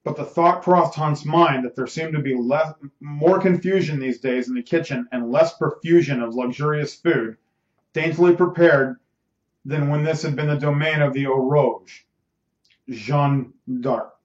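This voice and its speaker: A man's voice: a little high, moderate pace. Male amateur reader with casual asides, echoey room, muffled sound. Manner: stumbles and repeats words. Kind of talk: reading a novel aloud with casual asides.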